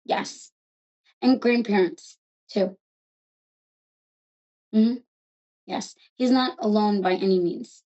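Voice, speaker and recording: Chatty New York woman hosting a psychic call-in, mellow and a little muffled. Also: medium pitch. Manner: fast, chatty and affectionate, calls callers love. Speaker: psychic reader host.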